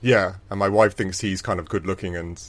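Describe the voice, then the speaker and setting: A man's voice: low voice, steady tone, brisk, a bit bright, no echo. A man co-hosting a casual podcast, laughing often and repeating words as he talks. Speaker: podcast co-host. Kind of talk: casual chat.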